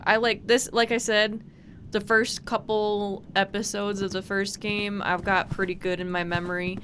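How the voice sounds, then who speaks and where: A woman's voice: mid-range voice, level tone, moderate pace, a bit bright, slight background noise. A woman streaming a horror game, chatting and swearing casually as she plays and talks to the characters. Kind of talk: casual let's-play commentary.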